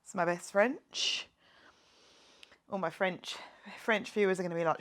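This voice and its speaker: A woman's voice: lowish voice, a little slow, fairly bright tone. A woman fitness instructor leading a guided workout class, joking around as she counts reps and cheers her viewers on. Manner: playful, jokey, counts reps aloud and cheers on.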